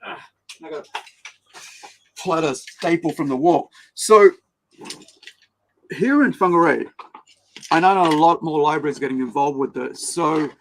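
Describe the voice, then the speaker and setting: A New man co-hosting a casual podcast, his voice sitting a little high with a gravelly edge. He tells stories in an animated way and acts out the lines of the people in them. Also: measured pace, pauses often, slight background noise, low-quality recording. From New Zealand. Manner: animated storyteller, acts out quotes. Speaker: podcast co-host. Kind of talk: casual chat.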